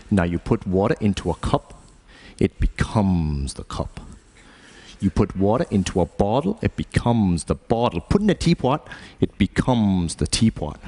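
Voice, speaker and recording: A man on a lecture stage doing an impression of a calm, philosophical male martial-arts master who speaks in slow, measured sayings with a low, softened voice. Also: exaggerated voice.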